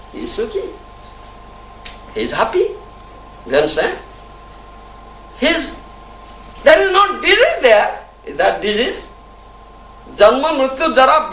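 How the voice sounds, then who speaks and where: Recorded from a distant mic in an echoey temple hall with faint hiss, a spiritual teacher lectures devotionally in an extremely high, bright, forceful voice. He keeps chuckling and asking "you understand?".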